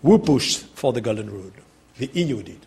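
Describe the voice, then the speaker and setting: An older man from France with a French accent, giving a formal political speech in a measured, deliberate way with occasional hesitant fillers. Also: medium pitch, sing-song, darkish tone, breathy edge.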